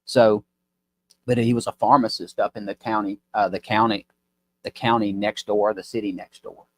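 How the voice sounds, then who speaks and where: A man's voice: on the low side, little pitch movement, normal speed. A man, a business owner telling a rambling, folksy story as a podcast guest. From Mississippi. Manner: rambling, folksy, mimics voices in stories. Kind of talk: casual storytelling chat.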